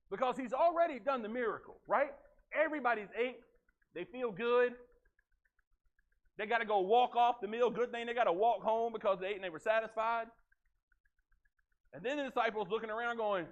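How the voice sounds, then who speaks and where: A man preaching a sermon in a church, telling the story in a folksy, animated way. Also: extremely high pitch, moderate pace, muffled recording. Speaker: pastor. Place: church sanctuary.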